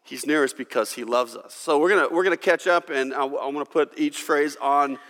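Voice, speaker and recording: A man preaching a sermon in a church, his fairly high voice ringing with long reverb through the hall. He swings from loud, emphatic lines to hushed, intimate ones, and leads the congregation in reciting verses aloud. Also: brisk. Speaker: pastor.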